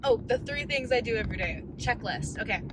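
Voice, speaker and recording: A woman's voice: a little high, expressive, fairly quick, noisy background. A woman in her thirties in a casual, candid vlog rant, rambling as she coaches herself through her thoughts. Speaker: vlogger.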